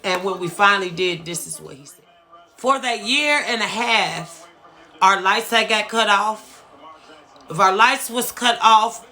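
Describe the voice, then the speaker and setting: A middle-aged woman from Ohio tells a personal story in an unhurried, drawn-out way. Her voice is bright and forward, and she comes back to the same phrases while she speaks with open emotion. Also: medium pitch. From Dayton, Ohio, US. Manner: emotional, repeats phrases, slow and earnest.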